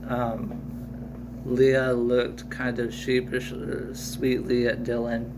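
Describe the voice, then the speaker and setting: A man's voice: medium pitch, slow pace. A man improvising a family adventure story, rambling and correcting himself as he goes. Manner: rambling, self-correcting narration. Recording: steady air conditioner hum.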